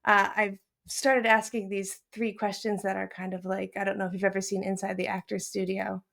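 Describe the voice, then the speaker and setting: A woman's voice: medium pitch, level tone, normal speed, gravelly, fairly bright tone. A woman from Queens with a Queens New York accent, hosting a film podcast in casual, enthusiastic chat with frequent laughter. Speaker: podcast host. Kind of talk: casual conversation.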